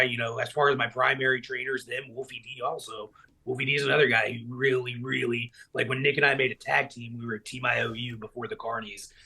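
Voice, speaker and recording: A man with a gravelly, fry-touched voice, talking casually as a podcast guest. He rambles through stories with plenty of "like" and "you know," and gets lively when he acts out old memories. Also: mid-range voice. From Middle Tennessee. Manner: rambling, filler-heavy, animated when retelling stories. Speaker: guest, professional wrestler.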